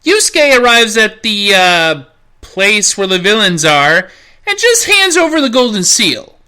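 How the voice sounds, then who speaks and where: A woman's voice: mid-range voice, sing-song, a little slow, bright, forceful tone, clear, resonant tone. A woman host narrating a snarky, profane comedic anime review.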